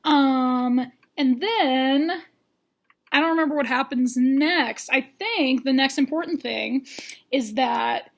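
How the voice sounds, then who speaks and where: A woman's voice: high voice, takes it slowly, gravelly. A woman giving a rambling, jokey recap of a dating show using toy figures. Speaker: recap vlogger.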